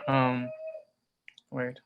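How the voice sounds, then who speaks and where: A man poet performing spoken word over a video call, measured and understated. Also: mid-range voice, completely flat delivery, smooth, phone-quality sound.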